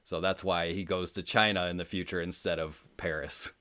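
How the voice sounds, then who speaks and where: A man co-hosting a podcast, talking through a film in a relaxed, rambling way with plenty of fillers. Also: sits low, normal speed. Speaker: podcast co-host. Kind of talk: casual movie discussion.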